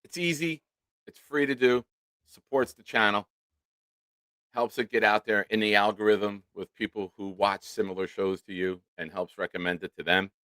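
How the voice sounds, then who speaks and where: A lowish-voiced man at a moderate pace, on a dry recording, is hosting a casual sports stream. Animated and casually swearing, he reads out the names of supporters and thanks them.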